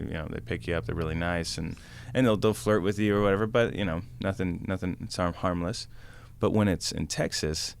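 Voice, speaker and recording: Brief: male podcast guest, deep voice, rambling anecdotal storyteller. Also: creaky. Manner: rambling, lots of fillers and acted quotes. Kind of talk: casual storytelling.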